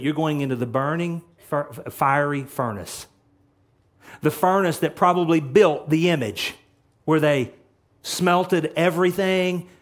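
A man preaching a sermon as a pastor, emphatic, swinging between loud passages and quiet ones. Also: on the high side.

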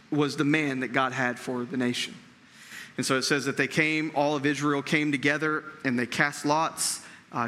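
A man's voice: on the high side, bright, forceful tone, in a large hall. A man preaching a sermon in a conversational way, checking in with his listeners and often repeating words as he thinks. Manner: conversational preaching with frequent check-ins to the audience. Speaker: pastor.

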